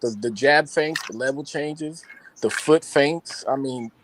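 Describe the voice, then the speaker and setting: Man, slightly high voice, relaxed profane talk, faint background noise. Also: measured pace, poor audio. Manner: laid-back, profane, says "you know what I mean". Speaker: panelist. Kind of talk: casual boxing analysis.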